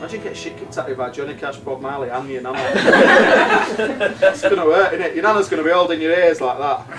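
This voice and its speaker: A comedian with a high, light voice, telling crude tales and laughing at his own jokes. He sounds set back from the mic, with music playing behind him. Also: lively intonation, fairly quick, distant mic. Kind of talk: stand-up comedy storytelling with song.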